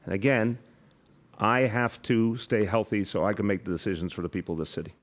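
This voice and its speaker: Defensive low-voiced male official. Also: a little fast. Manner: defensive, repetitive justifying. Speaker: city official. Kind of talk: press conference explanation.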